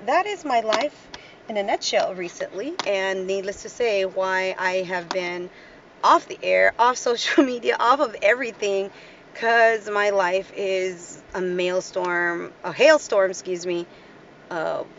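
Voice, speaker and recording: A woman's voice: medium pitch, takes it slowly, lo-fi sound, slight background noise. A woman hosting her own podcast, venting bluntly in a casual monologue and swearing freely as she retells arguments. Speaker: podcast host.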